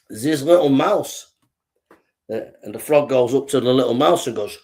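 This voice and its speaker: Gravelly man telling jokes. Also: medium pitch, expressive, moderate pace, darkish tone. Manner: rambling, laughing at his own jokes. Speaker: host. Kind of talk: joke telling.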